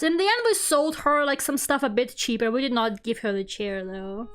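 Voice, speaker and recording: A young woman streamer telling a story in a casual, animated rant, swearing and laughing along the way. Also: high voice, a little fast, hardly any pauses. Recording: faint music behind.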